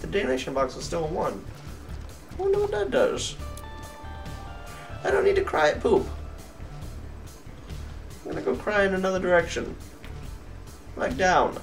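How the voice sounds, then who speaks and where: A young man giving let's play commentary, cursing at enemies and getting excitable. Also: medium pitch, gravelly. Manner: profane, excitable, yells at enemies. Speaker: gamer. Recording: distant mic with game music behind.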